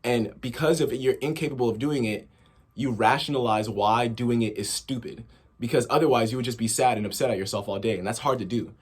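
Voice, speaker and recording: A man's voice: medium pitch, fairly quick, breathy edge. A young man in a casual vlog monologue, rambling with many fillers and restarts. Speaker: vlogger.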